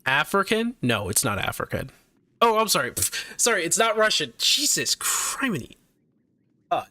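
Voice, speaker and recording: A man's voice: on the high side, sing-song, moderate pace, sharp tone, no echo. A man streaming live, chatting casually and animatedly with his viewers, laughing often and tripping over his words.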